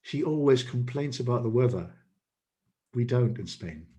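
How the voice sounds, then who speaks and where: A man hosting an online club meeting, introducing each speaker with playful, lively remarks. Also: medium pitch, moderate pace. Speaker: meeting host, toastmaster of the evening.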